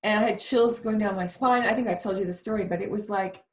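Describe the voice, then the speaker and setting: A woman's voice: mid-range voice, fast. A woman guest earnestly telling a personal story in a conversation. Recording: roomy, distant sound.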